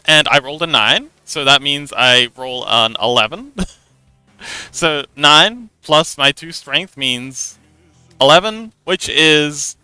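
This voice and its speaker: A man's voice: on the high side, bright, forceful tone, clean tone, no room sound. Man, young adult, livestream host, casual and giggly, dry close sound, faint music behind. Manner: giggly, rambling with many restarts. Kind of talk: casual explanation of a tabletop game.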